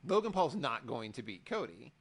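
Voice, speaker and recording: A man's voice: medium pitch, normal speed, slightly rough. A man co-hosting a podcast, talking through the week's wrestling shows in a casual, exasperated way and acting out what people said. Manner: animated, exasperated, acts out quotes. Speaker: podcast co-host. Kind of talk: casual wrestling recap chat.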